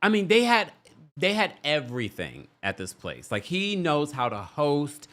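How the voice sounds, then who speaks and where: Animated gossipy man hosting a recap stream. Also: on the high side, a little slow. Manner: chatty, gossipy, dramatic, laughs often. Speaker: livestream host reading viewer comments. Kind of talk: casual reality TV recap commentary.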